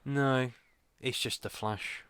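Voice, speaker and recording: A man in casual podcast chat who reads out news and adds dry, sarcastic jokes. His pitch is middling and the recording is dry. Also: steady tone, slow, a bit bright, clear, resonant tone, no room sound. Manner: wry, sarcastic asides. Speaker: podcast co-host. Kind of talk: casual chat, reading an article aloud.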